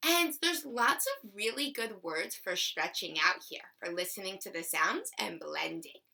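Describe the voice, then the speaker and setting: Young woman teacher, slow and singsongy, bright voice, drawing out sounds for little kids. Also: medium pitch, lively intonation, gravelly. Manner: slow, sing-song and encouraging, stretching out sounds. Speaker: kindergarten teacher. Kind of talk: remote class lesson for young children.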